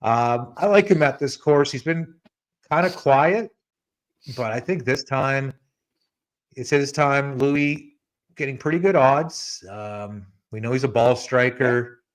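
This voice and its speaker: A man of middle pitch hosting a podcast in an easygoing, conversational way. He talks loosely and chattily, turning now and then to his co-host as he goes. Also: slow pace. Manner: relaxed and chatty, addresses co-host by name. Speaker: podcast host giving betting picks. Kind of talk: casual podcast chat.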